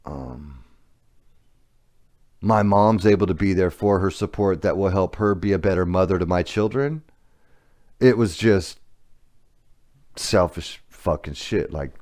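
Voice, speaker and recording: A man's voice: low-pitched, measured pace, long pauses, a little mellow. A middle-aged man hosting a podcast, telling a candid personal story in a blunt, profane, confessional way. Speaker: podcast host.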